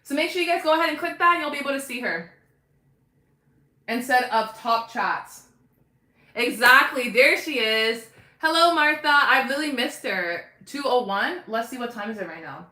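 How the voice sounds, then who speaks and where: A woman's voice: high-pitched, normal speed, reverberant. Bubbly young woman chatting with viewers. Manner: chatty, animated, talks to viewers in chat. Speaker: livestream host. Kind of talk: casual livestream chat.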